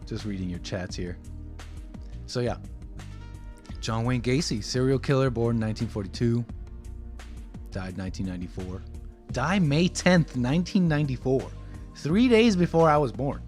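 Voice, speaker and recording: A man's voice: medium pitch, expressive, normal speed, pauses often, a little mellow, faint music behind. A man in his twenties hosting a casual livestream, rambling and reading viewer messages aloud. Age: 20s. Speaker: livestream host.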